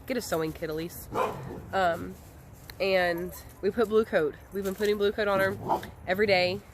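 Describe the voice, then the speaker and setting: A woman's voice: fairly low pitch, a little hiss or hum. Chatty woman by a chicken coop. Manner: chatty, rambling with many ums. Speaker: homestead vlogger. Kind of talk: casual chat to camera.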